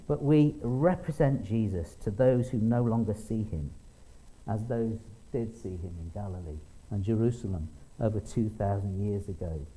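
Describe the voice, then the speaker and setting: This rough recording features a middle-aged man with a warm, medium-pitched voice delivering a conversational sermon. He weaves in stories, restarts himself, and acts out quotes in small voices.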